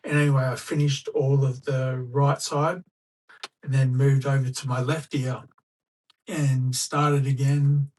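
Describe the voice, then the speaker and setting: A man's voice: mid-range voice, level tone, a little slow, a little mellow. Chatty Australian man, slightly distant mic. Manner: chatty anecdotal, acts out quoted dialogue. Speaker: guest, school staff member. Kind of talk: casual storytelling in a podcast interview.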